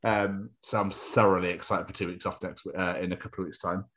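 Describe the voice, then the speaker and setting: A young man in his twenties chats casually as a podcast co-host. His voice sits low, and he rambles in a jokey way. He drifts into silly put-on voices now and then. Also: little pitch movement, quick pace, fairly bright tone. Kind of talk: casual chat.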